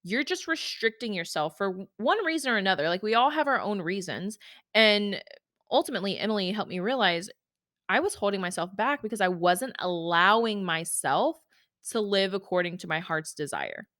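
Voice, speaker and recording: Her podcast is a chatty, emotional look at her own life, told casually with lots of "like" and "y'all." This woman speaks at a normal speed in an expressive, medium-pitched voice that is a bit bright. The clean studio recording has no echo.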